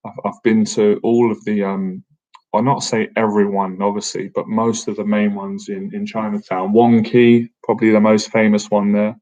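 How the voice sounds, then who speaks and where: A chatty, joking man in his thirties fields questions from his chat in a casual live-stream Q&A. His voice sits on the low side, and he keeps calling his viewers "man". The audio is dull and lo-fi, like a basic streaming setup. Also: level tone, moderate pace, a little mellow. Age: 30s. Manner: chatty and jokey, peppers sentences with "man". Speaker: boxing coach and livestream host.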